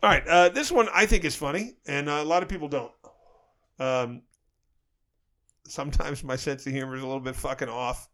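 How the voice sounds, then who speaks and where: A man's voice: on the high side, fairly quick, pauses often, sharp tone. A man co-hosting a podcast, chatting casually and crudely and telling a joke at a rambling pace while laughing at his own punchlines. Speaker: podcast co-host.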